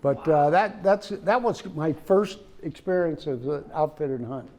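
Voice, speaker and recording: A man casually telling a hunting story, rambling and halting with many restarts, indoors in a room with his trophy rug on the wall. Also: a little high, animated, mellow.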